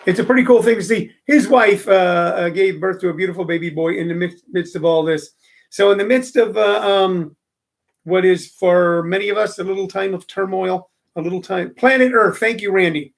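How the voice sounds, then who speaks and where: Middle-aged guy rambling on a live stream, gravelly, lots of uhs and ums. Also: sits high, steady tone, normal speed. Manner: rambling, chatty, many fillers. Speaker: comedy radio show host. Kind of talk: casual live-stream chat. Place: room with phone and microphone. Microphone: studio microphone.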